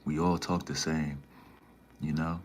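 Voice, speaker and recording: Deep-voiced laid-back man streaming. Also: flat delivery, unhurried, slight background noise. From Minnesota. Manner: laid-back slangy banter, says "man" and "bro" a lot. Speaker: livestreamer. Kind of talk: casual livestream chat reading viewer comments.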